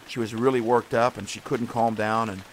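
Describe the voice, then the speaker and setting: A podcast host gives a casual devotional talk in a medium-pitched voice with fairly even intonation at normal speed. He's earnest and encouraging but rambles and restarts often, with slight background noise.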